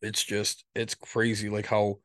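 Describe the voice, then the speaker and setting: A man's voice: on the low side, completely flat delivery, a little slow, fairly bright tone, no echo. Rambling man on a dry mic. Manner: rambling, swears a lot, frequent "right?". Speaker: podcast co-host. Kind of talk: casual chat.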